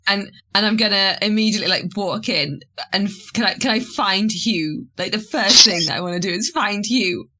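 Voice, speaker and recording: A woman playing in a tabletop game, giggly and excitable. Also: mid-range voice, moderate pace, few pauses. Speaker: player. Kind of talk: casual game chat.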